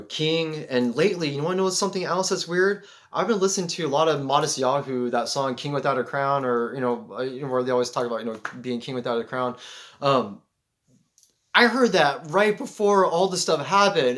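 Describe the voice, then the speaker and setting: Excitable man with a high voice. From Seattle, USA. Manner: animated, excitable, swearing, frequent "like". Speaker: vlogger. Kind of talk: rambling spiritual storytelling.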